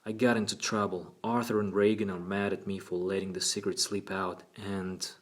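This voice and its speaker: A man's voice: level tone, normal speed. A man voicing a frightened little boy who pleads and protests in an audiobook reading. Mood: frightened pleading. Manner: high, insistent, upset.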